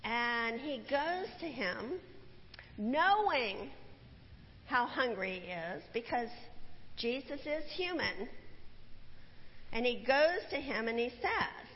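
Woman preacher, sermon; high voice, unhurried storytelling with rhetorical questions; dull church recording with long reverb. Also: lively intonation. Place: church sanctuary.

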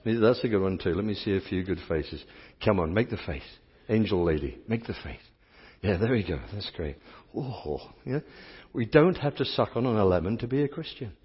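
A man preaching a lively sermon, playful and coaxing the congregation to join in. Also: lowish voice, moderate pace, breathy edge. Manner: playful, coaxes the crowd to join in. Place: church sanctuary. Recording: dull sound, long church reverb.

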